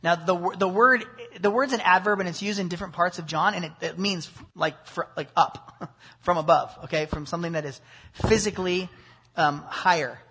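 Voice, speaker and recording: With a high-sitting voice, a breathy edge, and normal speed, a man explains a scripture passage verse by verse in an expository sermon. His delivery is animated, full of asides and rhetorical questions.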